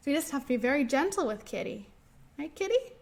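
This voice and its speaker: A woman librarian reading a picture book aloud and leading finger rhymes for young children, gentle and encouraging in a sing-song way. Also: high voice, lively intonation, normal speed.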